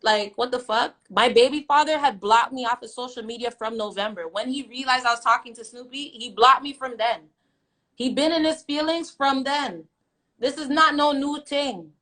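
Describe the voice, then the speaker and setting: A woman's voice: high voice, moderate pace, fairly bright tone, rough recording. A young woman telling her side in a story time rant, blunt and defiant, swearing often and repeating herself for emphasis. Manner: blunt, defiant, heavy profanity. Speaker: vlogger.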